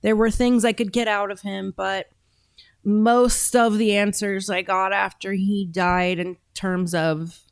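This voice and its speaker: A woman's voice: medium pitch, flat delivery, a little slow, creaky, smooth. A woman hosting a reaction show speaks in a chatty, emphatic, conversational way. She sits close to the mic in a dry, dead-sounding space with no room echo. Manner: chatty, emphatic, talks with her mouth full at times. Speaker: show host reacting to videos. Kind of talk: casual commentary.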